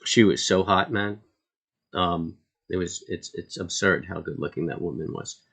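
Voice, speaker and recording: A man's voice: low voice, normal speed, gravelly, a bit bright. A man hosting a live trading stream, talking casually to viewers in a rambling way with lots of ums and uhs. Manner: laid-back, chatty asides to viewers.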